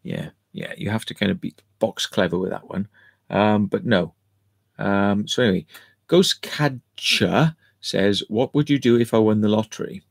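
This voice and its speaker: A man rambles through a casual livestream from his home computer, answering chat with cheeky asides and the odd curse. His voice sits low and gravelly. The sound is dry and close. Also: normal speed, no room sound.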